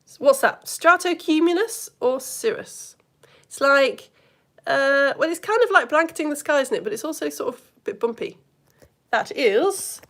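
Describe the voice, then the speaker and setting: A chatty, enthusiastic woman runs a live online science lesson and keeps quizzing her viewers. Her voice sits fairly high and swoops up and down with lots of expression. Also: fairly bright tone. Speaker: science teacher.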